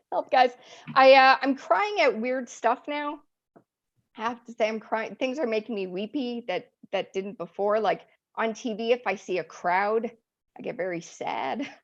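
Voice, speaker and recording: A woman's voice: a little high, a little slow, lo-fi sound. A woman doing a stand-up set, chatty and self-deprecating, often laughing at her own jokes. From Eastern Europe. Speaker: stand-up comic. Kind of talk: stand-up routine.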